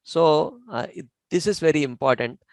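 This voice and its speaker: A man with a higher-pitched voice teaches scripture in a relaxed discussion, calm and explanatory, sprinkling in lots of "uh" and "you know." The sound is close and echo-free but low in quality.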